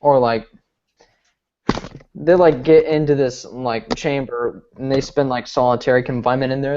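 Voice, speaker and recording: A young man retells a movie plot in a loose, rambling way, full of fillers, jumping into quick impressions of the characters. The audio is muffled and lo-fi. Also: medium pitch, steady tone, a little mellow. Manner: rambling, filler-heavy retelling with mimicked quotes. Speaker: podcast host recapping a movie. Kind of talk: casual chat.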